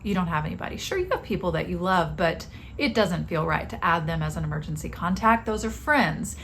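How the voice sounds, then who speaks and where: A woman's voice: on the low side, lively intonation, brisk, fairly bright tone, a little hiss or hum. A middle-aged woman hosting a podcast, telling a personal story in a candid, confessional way. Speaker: podcast host.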